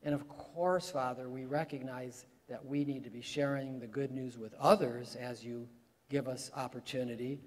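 A man's voice: medium pitch, fairly even intonation, moderate pace, a little mellow. A man preaching a sermon, talking conversationally and rising to emphatic peaks. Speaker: pastor. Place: church sanctuary. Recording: long hall reverb in a church.

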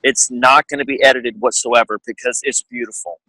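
Man, radio co-host, earnest and emphatic, sharp bright tone, dry close sound. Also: mid-range voice, steady tone, fairly quick, no echo, poor audio. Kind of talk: talk show conversation.

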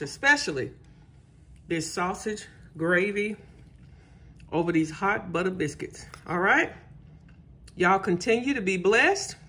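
A woman's voice: medium pitch, pushed and bright. A woman hosting her cooking channel, humming and exclaiming as she tastes her food and talks to viewers. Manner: exuberant, exclaiming and humming while tasting food. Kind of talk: casual cooking vlog, tasting and chatting to viewers.

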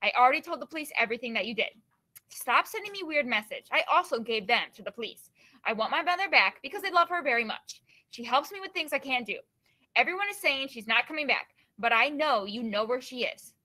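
A woman's voice: high voice, animated, a little fast, bright, forceful tone, exaggerated voice. A woman voicing a young girl who pleads for her kidnapped mother's return, with an earnest and indignant manner. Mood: pleading.

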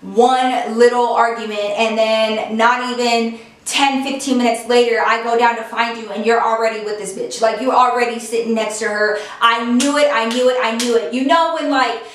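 A woman with a fairly high, steady voice speaks at a moderate pace, vlogging a personal story to the camera. She's chatty and dramatic and keeps dropping "like" into her sentences. She's recorded far from the mic in a very echoey room.

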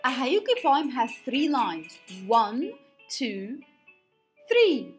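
A fairly high-pitched woman teaching young pupils, clapping out syllables at a slow, deliberate pace. Her voice rises and falls in a lively sing-song. A little music plays faintly underneath.

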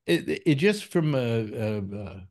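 Brief: older male host, loose rambling delivery, animated pitch. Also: takes it slowly. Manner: rambling, with many fillers and restarts. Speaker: call-in show host. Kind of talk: casual panel chat.

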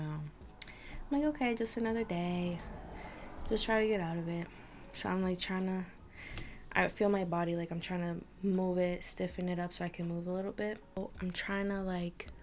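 A woman's voice: on the low side, darkish tone, a little hiss or hum. A young woman vlogger telling a frightening personal story to her camera, tense and emotional, often dropping to a whisper. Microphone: camera mic.

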